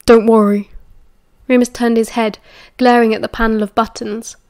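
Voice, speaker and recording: A woman with a British accent narrating an audiobook in a steady, measured read. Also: fairly high pitch, dry recording. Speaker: audiobook reader.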